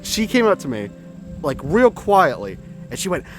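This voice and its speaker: A man's voice: fairly high pitch, very animated, moderate pace. Young man telling a rambling story. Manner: rambling, profane, self-correcting. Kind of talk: casual spoken storytelling. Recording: clear background music.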